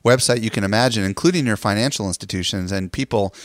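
A man hosting a podcast, chatting quickly and asking his guests questions. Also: on the low side, no room sound, studio quality. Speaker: podcast host. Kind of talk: casual interview chat.

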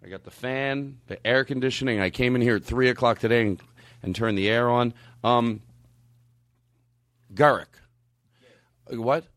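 A man's voice: mid-range voice, normal speed, long pauses, a bit bright, no room sound, studio quality. A man hosting a casual comedy podcast, joking, swearing and laughing easily. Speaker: podcast host.

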